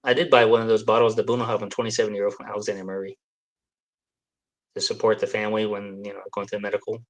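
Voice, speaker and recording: A man's voice: lowish voice, level tone, fast. A man chatting as a guest on a live stream over a video call, hesitant and full of fillers, poking fun at himself. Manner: hesitant, many fillers, self-deprecating. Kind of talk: casual chat over whiskey tasting.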